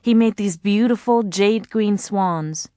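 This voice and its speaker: A woman's voice: medium pitch, slow, dry recording, clean studio sound, lightly acted. A woman reading as a genial balding orphanage director. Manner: gently joking, cordial. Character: kindly balding middle-aged male orphanage director.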